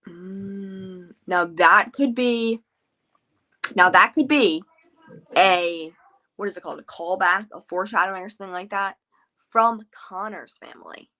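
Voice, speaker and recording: A woman's voice: medium pitch, a little slow, bright, forceful tone. A woman hosting a casual book club chat at home, talking loosely with lots of fillers and restarts. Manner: chatty, many filler words and restarts.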